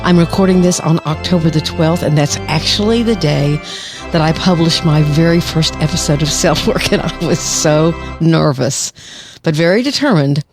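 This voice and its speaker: A woman's voice: low-pitched, normal speed, music in the background. A woman in her sixties, a psychologist who hosts a podcast, speaking in a chatty monologue with light laughs. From United States. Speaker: podcast host, clinical psychologist.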